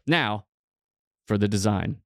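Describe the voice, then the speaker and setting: A man's voice: fairly low pitch, takes it slowly, no echo, clean studio sound. A man co-hosting a comedy podcast, reading a story aloud and chuckling through it. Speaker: podcast co-host.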